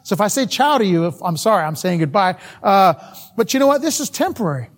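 A man's voice: high voice, very animated, fast talker. A middle-aged man preaching a sermon, telling folksy stories about himself and laughing at his own mishaps. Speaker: missionary preacher.

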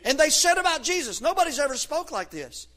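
High-voiced fervent man preaching. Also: big pitch swings, a little fast. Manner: fervent preaching with shouted peaks. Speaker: pastor. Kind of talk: sermon.

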